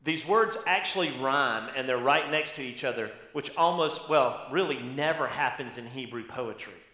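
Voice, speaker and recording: A man's voice: mid-range voice, normal speed, sharp tone, echoey room. A man preaching a sermon as pastor, teaching with emphasis and asking rhetorical questions.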